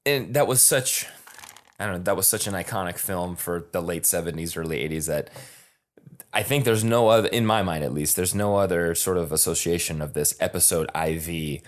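Deep-voiced man co-hosting a podcast. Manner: animated, halting, restarts often. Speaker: podcast co-host. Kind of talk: casual chat.

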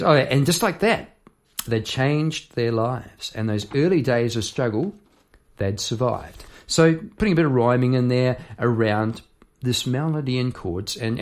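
A songwriter talks through his lyrics line by line in a loose, conversational way. The man often drifts into side stories and keeps checking in with "eh?" and "yeah?". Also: medium pitch. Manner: chatty and rambling, full of asides and tag questions. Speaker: songwriter hosting an episode. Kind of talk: casual explanation of song lyrics.

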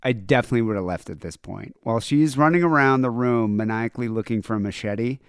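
Male co-host, casual profane banter, wry laid-back delivery, mid-pitched, dry close mic. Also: fast, smooth, dry recording. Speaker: podcast co-host.

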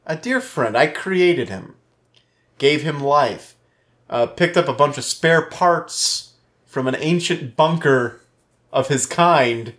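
Lively, animated male podcast co-host. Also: on the high side, slow pace. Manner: playful, swearing, animated. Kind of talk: casual banter.

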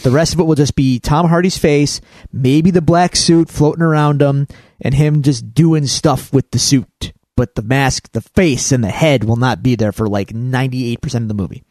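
A man co-hosting a podcast, talking in a rambling, animated way with many restarts. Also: mid-range voice, normal speed, no room sound. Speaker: podcast co-host. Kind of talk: casual chat.

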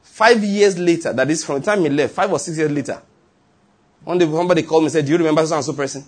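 A man's voice: a little high, racing. A man preaching a sermon, repeating lines and chuckling as he tells stories. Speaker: pastor.

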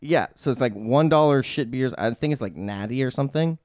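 A man hosting a casual podcast chat, laid-back, cursing, with quick agreeing replies. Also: medium pitch, animated, a little mellow, no room sound, studio quality. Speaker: podcast host. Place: studio.

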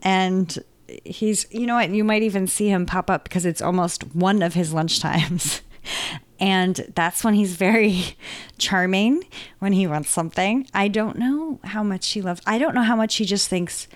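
A woman's voice: mid-range voice, measured pace. A woman talking casually as a podcast guest, chatty and self-deprecating, with rambling restarts. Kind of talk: casual interview chat.

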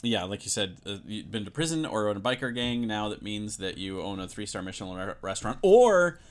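A man co-hosting a casual podcast chat, talking in a hesitant, halting way. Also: fairly low pitch, big pitch swings. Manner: hesitant, halting, many restarts. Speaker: podcast co-host.

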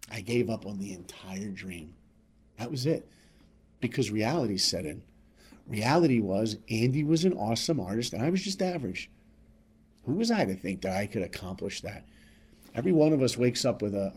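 A man on a podcast telling a motivational life story, speaking straight to listeners and swinging between loud emphasis and quiet asides. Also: mid-range voice, husky. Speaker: podcast guest.

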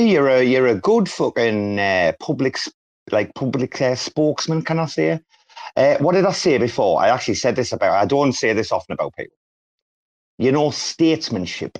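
British guy bantering on a live audio chat, swears, swings his pitch all over, dull lo-fi sound. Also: lively intonation, normal speed. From Britain. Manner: joking, teasing, swears a lot. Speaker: co-host.

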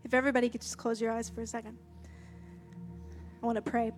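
A young woman preaching a sermon, earnest and lively. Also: a little high, quick pace, soft background music. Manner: earnest, lively, warm-hearted with laughs. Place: church hall. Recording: long hall reverb.

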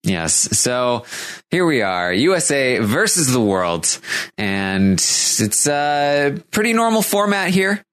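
A man hosting a podcast in a loose, chatty way. His pitch swings widely as he talks. He pokes fun at himself and slips in quick apologies. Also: very animated, a bit bright, smooth. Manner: self-mocking, joking, apologetic. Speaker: podcast host. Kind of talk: casual podcast chat.

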